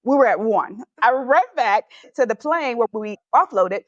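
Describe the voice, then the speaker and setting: Podcast guest: a high-pitched woman, animated and laughing as she tells her story, on a dull, dry recording. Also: normal speed, no room sound. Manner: animated, laughs often while telling. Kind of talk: personal storytelling in an interview.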